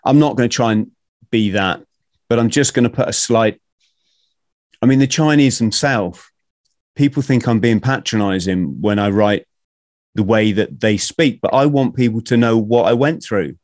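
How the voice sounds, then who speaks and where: A man's voice: lowish voice, moderate pace, darkish tone, dry recording, clean studio sound. A man hosting a podcast, chatting informally in a jokey way. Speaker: podcast host. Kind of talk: casual conversation.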